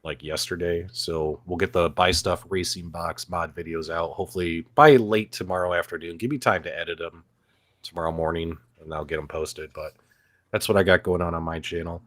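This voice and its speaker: Low-voiced man chatting casually on a dry mic. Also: a little fast, no room sound. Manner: relaxed and rambling, with animated quoted voices. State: recovering from being sick. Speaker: co-host. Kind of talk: casual live-stream chat. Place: Arizona.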